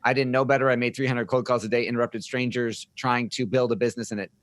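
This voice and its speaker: A man's voice: medium pitch, level tone, fast, no room sound. A middle-aged man, a podcast guest, telling his life story in an upbeat, joking interview style. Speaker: podcast guest, marketing firm founder.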